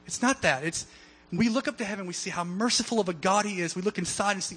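A man's voice: sits high, fast, a bit bright, breathy edge. A man preaching a sermon in a casual, conversational way, full of fillers and acted-out voices from the story. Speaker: pastor.

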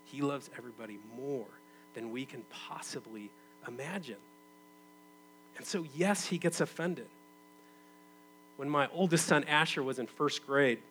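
Conversational pastor, lively swings in volume. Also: male voice, mid-range voice, slight background noise, poor audio. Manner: conversational, swings from loud emphatic bursts to quiet intimate tones. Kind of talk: sermon.

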